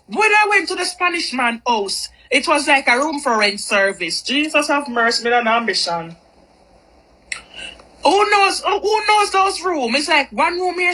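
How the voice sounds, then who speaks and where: In a casual storytime, a woman's bright, high voice comes through with a sharp, forward edge as she energetically repeats phrases for emphasis. The audio is poor.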